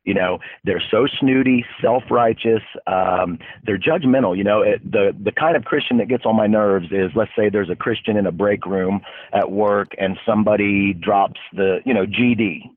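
A man's voice: lowish voice, normal speed, dry recording. Blunt man on a tinny phone-like line. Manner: blunt, fired-up, preachy. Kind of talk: casual faith talk. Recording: narrow phone-like dry sound.

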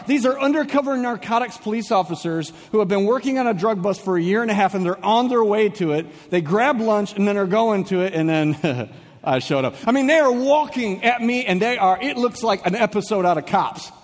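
A young man preaching a sermon as a pastor, telling a comic personal story with lively, animated delivery and shifting pace. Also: high voice, brisk, long reverb tail. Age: young adult.

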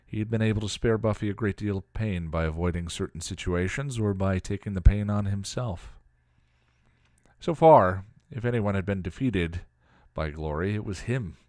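A man reading a piece of fan fiction aloud in a steady storytelling manner. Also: on the low side, moderate pace, no room sound, clean studio sound. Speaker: story reader.

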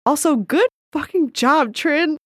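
A woman co-hosting a casual advice podcast, chatty and animated, often laughing and acting out quotes. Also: high voice, measured pace. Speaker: podcast co-host.

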